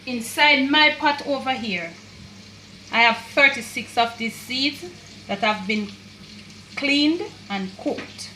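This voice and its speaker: A woman's voice: sits high, lively intonation, takes it slowly, sharp tone, slight background noise. A Jamaican woman doing a casual cooking demonstration in her home kitchen, chatty and repetitive, with creole words mixed in. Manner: chatty, repeats phrases, mixes in Jamaican creole. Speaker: home cook. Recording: echoey kitchen, far from mic, sizzling pan. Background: frying and sizzling.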